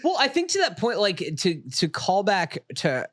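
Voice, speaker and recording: A man's voice: high-pitched, big pitch swings, normal speed, a bit bright, dry recording, clean studio sound. A man hosting a casual film podcast, talking earnestly and circling back on his thoughts. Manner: earnest, rambling, restarts a lot. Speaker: podcast host.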